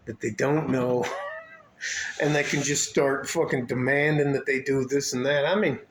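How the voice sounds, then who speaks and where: Guy vlogging off the cuff, mid-pitched, loose, cussing, keeps restarting sentences. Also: slight background noise. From West Texas, El Paso. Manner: profane, laid-back, trailing restarts and chuckles. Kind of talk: casual rambling monologue.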